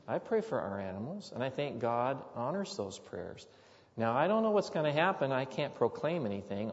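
A man's voice: medium pitch, a little mellow. A middle-aged man preaching, telling a rambling, folksy personal story with rising emphasis. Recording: dull sound with long hall reverb.

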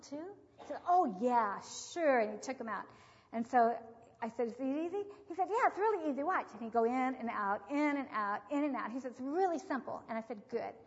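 Woman telling parenting stories in a reverberant hall. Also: sits high. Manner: acts out the voices in her anecdotes. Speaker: parenting teacher. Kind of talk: storytelling talk on parenting. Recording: long reverb, dull lo-fi sound.

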